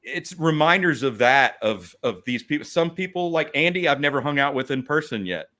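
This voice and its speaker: A man's voice: a little high, expressive, brisk, bright, forceful tone. A man chatting as a guest on a livestream video call, rambling enthusiastically and poking fun at himself. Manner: rambling, enthusiastic, self-deprecating. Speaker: guest toy collector. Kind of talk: casual livestream chat.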